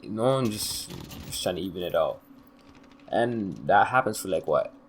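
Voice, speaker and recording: A man's voice: low-pitched, animated, normal speed, slight background noise. A young man telling a story from his own life in a casual, slangy, rambling way, often trailing off with "da, da, da". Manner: loose, slangy, rambling with filler "da, da, da".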